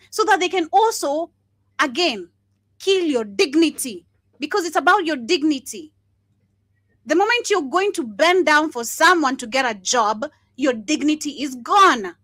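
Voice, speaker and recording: A woman's voice: high voice, fairly bright tone, no echo. A young woman hosting a livestream, giving blunt, impassioned commentary, swearing often and laughing between points. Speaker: livestream host.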